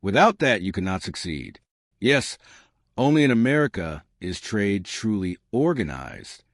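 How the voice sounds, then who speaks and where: A man's voice: fairly low pitch, very animated, unhurried, no echo. Male reader as a grinning, boastful Italian salesman; chatty, dry close sound.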